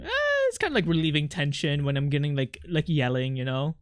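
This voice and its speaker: A man's voice: a little high, brisk, smooth, no echo, clean studio sound. A young man streaming his art, chatting casually with his chat in an irritable, snappy way, swearing and venting.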